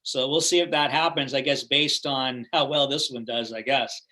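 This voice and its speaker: Relaxed middle-aged man, very bright tone. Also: medium pitch, normal speed. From California. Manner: relaxed, rambling, many fillers. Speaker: guest actor. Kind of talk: casual video-call interview.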